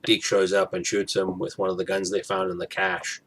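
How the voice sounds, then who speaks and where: Gravelly guy rambling through a show recap, lots of "like" and "you know". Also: deep voice, monotone, moderate pace, a bit bright. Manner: chatty, rambling with fillers. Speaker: TV episode reviewer. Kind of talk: casual recap vlog.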